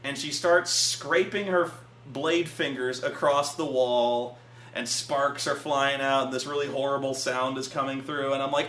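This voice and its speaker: Animated, profane man reviewing a film. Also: mid-range voice, measured pace. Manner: animated, profane, stammering restarts. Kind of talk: casual chat. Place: a friend's house. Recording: echoey room with faint hum.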